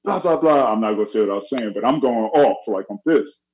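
A middle-aged man telling a story in casual chat, animated and acting out the voices of the people in it. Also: mid-range voice, brisk. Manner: animated, acts out quoted voices. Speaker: guest. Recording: dull lo-fi audio.

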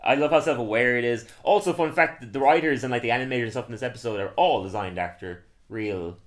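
A man co-hosting a casual chat, animated and laughing often as he acts out quotes. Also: mid-range voice, fast talker. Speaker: podcast co-host.

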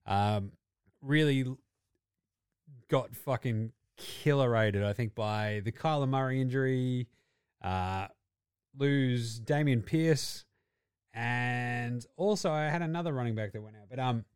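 A man's voice: medium pitch, slow pace, clean tone, dry recording, clean studio sound. A man co-hosting a casual sports podcast, rambling, swearing and laughing as he talks. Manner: profane, rambling, laughs often. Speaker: podcast co-host.

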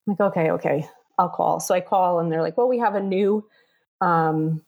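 A woman's voice: on the low side, a little mellow. A woman in her thirties telling a personal story in a casual, chatty way, with many fillers, acting out the voices of the people in it. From New York area. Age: 30s.

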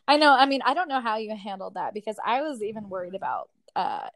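A young woman co-hosting a podcast, chatting casually with quick reactions and a lot of giggling. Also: medium pitch, sing-song, background noise. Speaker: podcast co-host. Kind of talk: casual chat.

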